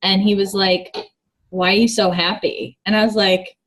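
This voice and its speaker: A woman guest speaking in a relaxed, reflective way during a casual conversation. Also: medium pitch, slight background noise. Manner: slow, reflective, thoughtful. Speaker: guest, gym worker.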